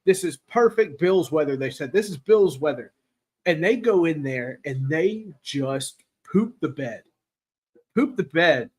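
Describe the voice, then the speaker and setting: Fired-up guy from tennessee on a football stream, kinda high voice, throat raw from yelling. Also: a little slow, husky. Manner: excitable, rambling, reads chat aloud. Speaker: podcast host. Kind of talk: casual live-stream sports chat.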